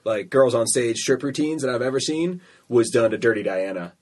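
A man's voice: medium pitch, animated, moderate pace. A man co-hosting a podcast in easygoing casual chat, agreeing readily. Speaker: podcast co-host.

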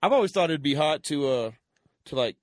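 A man's voice: a little high, animated, brisk, dry recording, studio quality. A man in casual podcast banter, blunt and profane, pushing questions at the others.

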